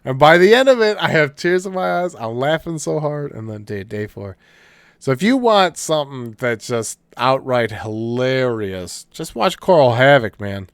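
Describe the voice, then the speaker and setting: A man co-hosting a podcast, rambling through animated retellings of comedy sketches with lots of fillers and restarts, laughing as he goes. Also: medium pitch, normal speed, clear, resonant tone, dry recording, clean studio sound. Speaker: podcast co-host. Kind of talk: casual chat.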